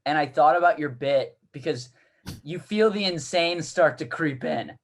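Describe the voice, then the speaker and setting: A man with a slightly high voice, speaking at a moderate pace, co-hosts a comedy podcast. He rambles through a casual anecdote, restarting often and laughing through his stories.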